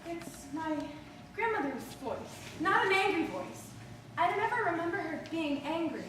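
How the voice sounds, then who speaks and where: A woman's voice: extremely high pitch, animated, normal speed. A woman performing a theatrical monologue as a restless, emotional woman, telling her story in a charged, confessional way. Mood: distraught. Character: restless, ungrateful woman stranded waiting, emotional. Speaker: stage actor performing a monologue. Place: theater stage. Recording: distant echoey hall recording with background noise.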